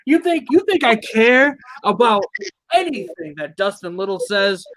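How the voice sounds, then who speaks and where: A man hosting a backyard wrestling talk show, cutting a brash, mocking promo that swings between mumbled asides and shouts. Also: high voice, very animated, a little slow, no room sound, rough recording. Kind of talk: trash-talking wrestling promo.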